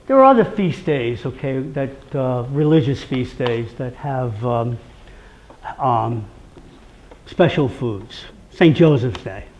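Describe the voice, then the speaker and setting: The recording has its highs cut off and a little hiss or hum, carrying a medium-pitched man with a Rhode Island accent. He's an animated speaker on local traditions giving a chatty live talk, voicing the people he quotes and regularly asking "okay?".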